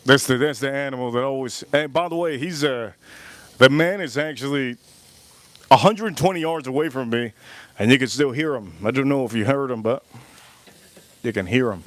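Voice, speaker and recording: A man's voice: mid-range voice, moderate pace, a bit bright. A man hosting a casual cooking livestream outdoors at a grill. He jokes loosely and reads viewer messages aloud. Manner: loose, joking, talks to chat and reads super chats aloud. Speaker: livestream host.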